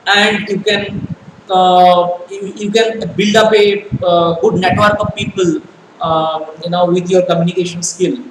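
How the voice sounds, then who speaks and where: A high-voiced man teaches a live online class, pausing often on fillers and repeating himself as he addresses his students. His voice rings in an echoey room, and a clear hiss of background noise sits under it. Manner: halting, many fillers, repeats phrases to students. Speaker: English teacher.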